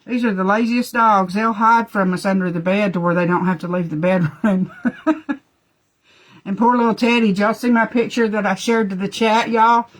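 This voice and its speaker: Lady yakking away on a makeup live, folksy, mid pitched, fussing at her dogs. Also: fairly even intonation, moderate pace. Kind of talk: casual live makeup demo.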